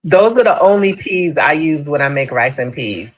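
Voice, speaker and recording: A woman's voice: deep voice, lively intonation, normal speed, poor audio. Easygoing woman on a live chat. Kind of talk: casual chat on a live stream.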